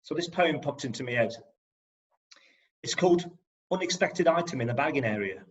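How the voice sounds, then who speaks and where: A man with an English Midlands accent reads his spoken-word poetry over a muffled, lo-fi video call. His voice sits a little higher than most men's, and his rhymes land with a steady, rhythmic beat. Between poems he chats with a dry, self-mocking humour. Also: normal speed. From England. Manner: rhythmic, rhyming delivery with wry humour. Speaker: performance poet. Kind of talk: spoken-word poetry reading with comic asides. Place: home, on an online video call. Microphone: video call microphone. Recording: dull lo-fi video call audio.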